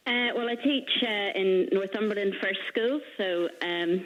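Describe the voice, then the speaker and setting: A woman's voice: medium pitch, unhurried. Northern Irish woman caller, sentences lift at the end, muffled line. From Northern Ireland. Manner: upward inflection at sentence ends. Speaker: radio caller, supply teacher. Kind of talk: phone-in chat.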